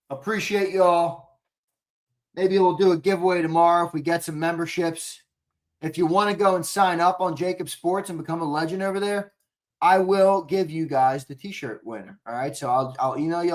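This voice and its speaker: A young man with a Philadelphia accent co-hosting a live sports show, talking excitably and swearing freely while reading viewer comments. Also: on the high side. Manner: excitable, profane, rambling, reads chat comments aloud. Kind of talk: casual live-stream sign-off chat.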